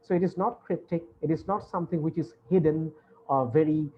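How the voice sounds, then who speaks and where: A man's voice: fairly high pitch, fairly quick, highs cut off. A male university English lecturer giving an online lecture, explaining patiently and repeating points with many hesitations. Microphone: video call.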